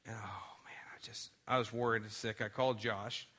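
A man preaching a sermon and telling a personal story in an animated way, dropping quiet for the sad parts. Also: fairly low pitch, normal speed. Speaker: pastor.

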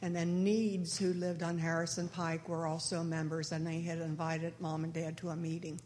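Low, flat-voiced woman in her eighties. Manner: halting, pausing to recall names. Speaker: church member sharing a memory. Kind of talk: slow personal reminiscence. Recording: echoey hall with faint noise.

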